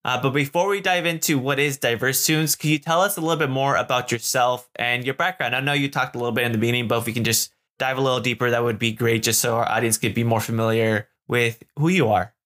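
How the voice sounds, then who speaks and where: A male podcast co-host with a bright, clear voice at an ordinary pitch. He talks casually and loosely, full of fillers and quick laughs. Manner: chatty, laughs easily, many fillers. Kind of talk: casual chat.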